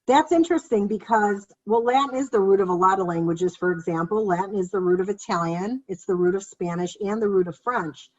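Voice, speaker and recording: A woman co-hosting a podcast who talks in a lively, excitable way and jumps into little acted-out versions of her own reactions. Her voice sits at a middle pitch. The recording sounds slightly muffled and dull. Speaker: co-host and children's author. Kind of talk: casual conversational storytelling.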